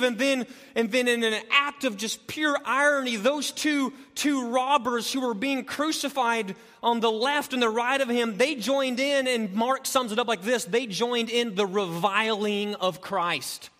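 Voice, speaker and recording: A man with a high, bright voice preaches a sermon. He drops to slow, quiet stretches and then climbs into loud, urgent passages. The sound carries a long reverb, as in a large hall. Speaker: pastor.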